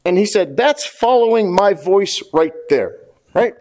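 A pastor preaching a sermon, repeating key phrases for emphasis and putting questions straight to the congregation in a folksy way. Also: male voice, high-pitched, expressive, unhurried, a little mellow. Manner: addresses the congregation directly with questions; folksy, drops into casual slang.

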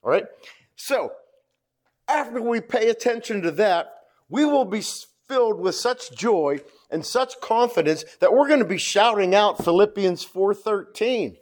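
A man preaching to his congregation, stressing each point by saying it twice. His speaking voice sits on the higher side for a man. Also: sing-song, a little slow, a little mellow. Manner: emphatic, repeats points, asks the congregation "right?". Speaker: pastor. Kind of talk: sermon.

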